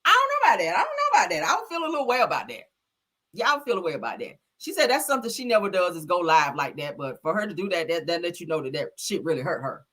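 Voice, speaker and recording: A woman's voice: fairly low pitch, fast. A woman hosting a live stream, chatting casually and sassily with viewers, full of slang and laughter. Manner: sassy, animated, slangy, laughs often. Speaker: live-stream gossip host. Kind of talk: casual chat reacting to viewer comments.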